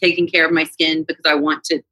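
A woman in her forties chatting candidly as a podcast guest, laughing often and sounding relaxed. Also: deep voice, fast, no room sound, rough recording. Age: 40s. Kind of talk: casual interview chat.

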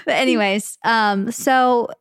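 A woman's voice: fairly high pitch, fairly even intonation, takes it slowly, a bit bright, clear, resonant tone, no echo, clean studio sound. A young woman co-hosting a podcast in casual chat, talking in a rambling way and second-guessing herself as she goes. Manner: chatty, rambling, self-questioning. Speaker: podcast co-host.

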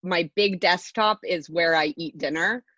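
A woman calling in to a casual chat, animated and quick to laugh, heard through lo-fi call audio. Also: lowish voice, no echo. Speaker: guest calling in. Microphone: video call.

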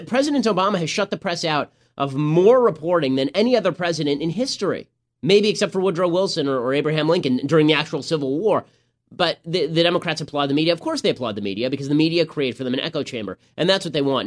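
A man hosting a political commentary podcast, talking in a sarcastic, mocking way. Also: a little high. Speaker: podcast host.

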